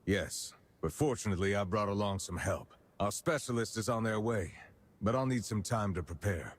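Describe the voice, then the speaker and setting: An actor voicing a seasoned male commander in a video game cutscene, steady and dry. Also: on the low side, moderate pace, no echo. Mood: calm.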